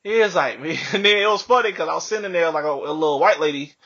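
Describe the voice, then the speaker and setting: A young man casually telling a profane, animated story on a podcast, laughing often. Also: a little high, fast. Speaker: podcast co-host. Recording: dull lo-fi podcast audio.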